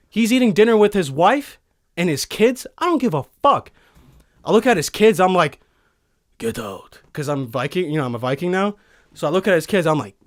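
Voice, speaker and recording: A young man hosting a podcast from a studio, telling a profane, animated comic rant full of swearing. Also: sits high. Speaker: podcast host.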